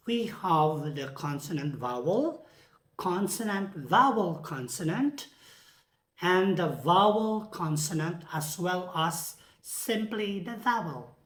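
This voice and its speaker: A woman giving a lecture on English pronunciation, carefully repeating example words aloud. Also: on the low side. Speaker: teacher. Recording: echoey room.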